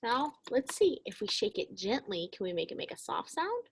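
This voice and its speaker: A woman teaching young children a phonics lesson, speaking slowly and encouragingly and calling them friends. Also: medium pitch, very animated, a little hiss or hum.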